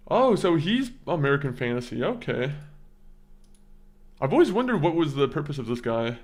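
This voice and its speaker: Young man streaming, casual chat, stammering restarts, mid-pitched voice. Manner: rambling, stammers and repeats words, chuckles often.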